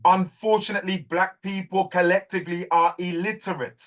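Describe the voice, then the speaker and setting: A man's voice: high-pitched, fairly even intonation, normal speed, a bit bright. A man hosting a community call, preaching to listeners and repeating key words for stress. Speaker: host of a community group call. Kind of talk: fervent live group talk.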